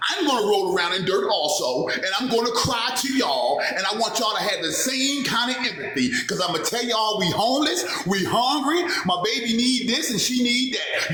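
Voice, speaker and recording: A man with a Baltimore accent, calling in to a live stream with a blunt, emphatic rant that breaks into shouting. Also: high voice, expressive, normal speed, hardly any pauses, heavy reverb, soft background music. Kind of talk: ranting call-in.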